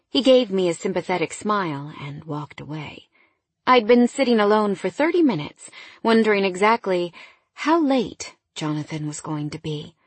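Woman narrator for first-person romance; soft, breathy, slightly low voice, dry recording. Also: no echo. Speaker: audiobook narrator.

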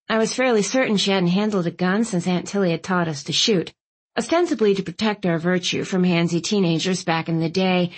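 A woman narrating a first-person audiobook in a wry, even storytelling manner. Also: medium pitch.

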